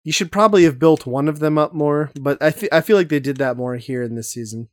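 A man's voice: a little high, fast talker, dry recording, studio quality. A man hosting a casual podcast chat, talking enthusiastically and rambling with lots of fillers. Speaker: podcast host.

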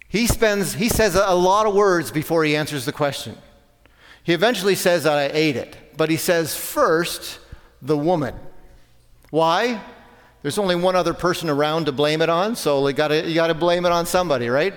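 A man's voice: on the high side, normal speed, clear, resonant tone. A man preaching a sermon, conversational, with self-corrections and rhetorical questions. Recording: long hall reverb.

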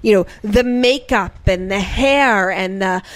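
A woman chatting casually on a podcast, gushing and excitable, with halting restarts. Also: medium pitch, no echo. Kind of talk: casual chat.

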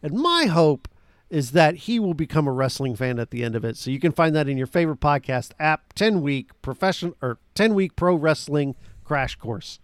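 Joking podcast host, animated man. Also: on the high side, clear, resonant tone, no echo, studio quality. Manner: joking, animated, quick asides. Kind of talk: casual chat.

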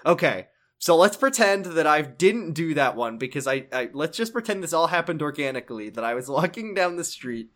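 A man co-hosting a podcast, retelling a game story in casual comedic chat and acting out the characters' lines with big jumps in pitch. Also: very animated, brisk, hardly any pauses, fairly bright tone. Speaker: podcast co-host.

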